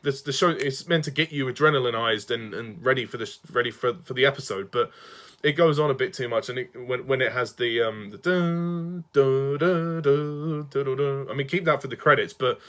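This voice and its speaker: A man's voice: medium pitch, fast talker, sharp tone. A man delivering an exasperated ranting review monologue, swearing and sighing often. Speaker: fan reviewer.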